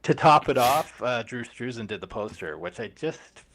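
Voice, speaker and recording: A man's voice: mid-range voice, expressive, moderate pace, a bit bright. A man guesting on a movie podcast, recommending a film in casual, hesitant chat. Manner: hesitant, many "uh" and restarts.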